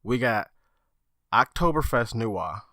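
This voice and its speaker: A man's voice: mid-range voice, lively intonation, slow pace, pushed and bright, no room sound, studio quality. A man on a gaming podcast, telling a story in casual chat and swearing freely. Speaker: podcast co-host.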